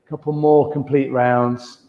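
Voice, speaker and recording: A man leading a guided yoga class, giving calm, slow, soothing cues for movement and breathing. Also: medium pitch. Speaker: yoga instructor. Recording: dull, roomy sound with long reverb.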